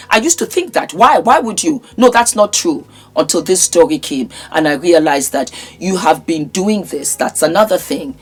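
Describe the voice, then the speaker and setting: A woman's voice: fairly low pitch, expressive, moderate pace, slightly rough, soft background music. A woman vlogger with a sore throat, giving an impassioned, scolding commentary with emphatic repetition. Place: in England.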